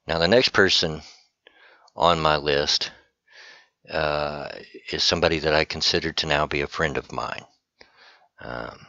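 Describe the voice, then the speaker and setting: A man with an extremely low voice chats easygoing and folksy as he gives shoutouts. His tone is bright and forward despite the depth. The recording is dry and a little dull. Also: no echo. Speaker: channel host giving shoutouts. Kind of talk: casual rambling commentary.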